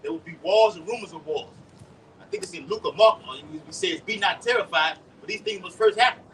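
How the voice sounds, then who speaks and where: A man preaching live outdoors and leading the teaching, with a lively, repetitive delivery, calling on others to read verses. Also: high voice, a little fast. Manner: animated, repeats words, calls for scriptures. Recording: distant mic with faint street noise.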